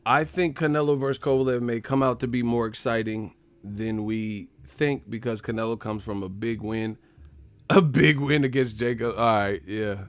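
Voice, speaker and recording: A man's voice: medium pitch, fairly even intonation, normal speed, clear, resonant tone. A man hosting a live stream, casually reacting to chat with profane, mocking commentary.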